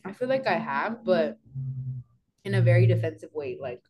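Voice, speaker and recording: A young woman with a slightly low voice, chatting casually as a podcast guest. She talks bluntly and tells stories, drops in a curse now and then, and switches into Spanish phrases mid-sentence. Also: animated, normal speed, dull audio, a little hiss or hum.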